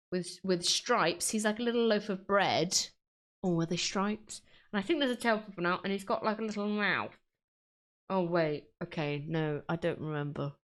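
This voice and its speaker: A woman's voice: mid-range voice, fairly bright tone. A woman chatting casually while she draws, self-mocking and laughing often. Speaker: drawing vlogger. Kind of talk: casual chat while drawing.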